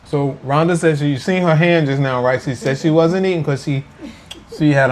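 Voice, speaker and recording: A man's voice: on the high side, normal speed. A man hosting a casual food vlog, playful and teasing as he talks to viewers at home. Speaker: food vlogger. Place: indoors at home.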